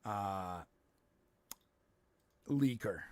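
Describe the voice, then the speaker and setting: A man's voice: lowish voice, expressive, very slow, a little mellow, no echo. A man co-hosting a live-streamed podcast, chatting casually and making fun of himself. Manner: joking, self-deprecating. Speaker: podcast co-host.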